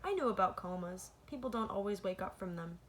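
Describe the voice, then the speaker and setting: A woman's voice: mid-range voice, lively intonation, a little fast. A woman reads a children's novel aloud in a mid-range voice. She fixes her own slips as she goes and breaks off now and then to talk to her listeners directly. A faint hiss sits under the recording. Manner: stops to comment to listeners between passages. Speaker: read-aloud host.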